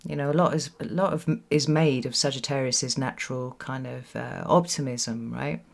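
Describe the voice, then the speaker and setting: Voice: mid-range voice, moderate pace, vocal fry. A tarot reader giving a solo reading to camera in a reflective way, often repeating words for emphasis and checking in with "right?". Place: home with children nearby.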